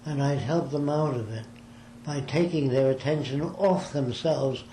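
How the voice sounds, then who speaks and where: A man's voice: mid-range voice, a little slow, dark tone. An older man in an interview, telling long stories about his life and acting out the people he quotes. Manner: rambling storyteller, acts out quoted voices. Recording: echoey room with faint ambient noise.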